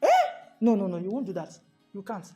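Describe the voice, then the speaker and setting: A Nigerian man giving a motivational talk to a live audience, animated and fond of repeated rhetorical questions, slipping into pidgin. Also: sits high, brisk, soft background music. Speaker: motivational speaker.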